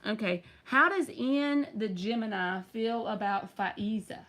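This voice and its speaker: A woman reads tarot on a live stream, chatting and teasing viewers as she goes. Her voice sits fairly high, and she takes her time, drawing out her words in an unhurried way. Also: fairly bright tone.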